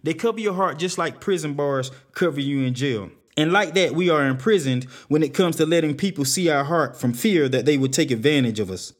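A man's voice: on the high side, a little fast, hardly any pauses. A man preaching a sermon, reading scripture passages aloud and explaining them with repeated exhortations.

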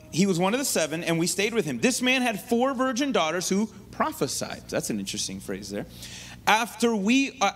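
Animated, high-voiced man preaching. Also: slightly rough. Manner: conversational, animated teaching with asides and restarts. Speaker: pastor. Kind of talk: sermon.

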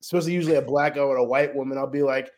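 A man's voice: mid-range voice, fairly even intonation, rapid-fire, darkish tone. A man, a comedian guest on a podcast, chatting in an upbeat, joking way. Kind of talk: casual podcast chat.

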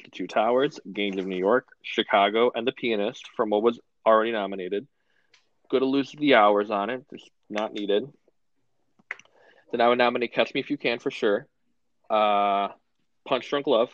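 A young man co-hosts a podcast, chatting casually and tossing off dry remarks in a lowish, steady voice at normal speed. The recording is dry, dull and lo-fi.

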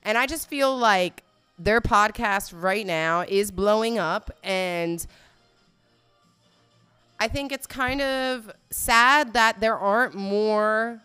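A woman's voice: medium pitch, animated, extremely slow, pauses often, bright, forceful tone, clear, resonant tone, soft background music. A woman giving casual, blunt and profane commentary, laughing often as she reacts to a video.

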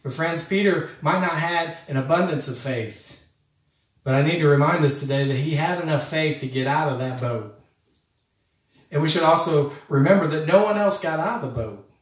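A man's voice: on the high side, normal speed. A man preaching a sermon as a pastor, talking in an earnest, conversational way and addressing listeners as friends. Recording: echoey room, voice from a distance.

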